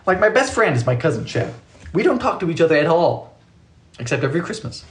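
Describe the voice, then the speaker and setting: A man's voice: on the high side, sing-song, fast talker. A man hosting a live baking stream from his small home kitchen, chatting casually, joking and thanking viewers by name. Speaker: baking livestream host.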